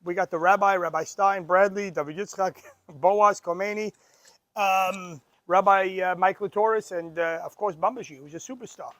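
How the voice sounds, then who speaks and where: A man's voice: sits high, fairly even intonation, normal speed, a bit bright, dry recording. A man co-hosting a podcast, telling stories in casual chat, often laughing and stumbling over restarts. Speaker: podcast co-host.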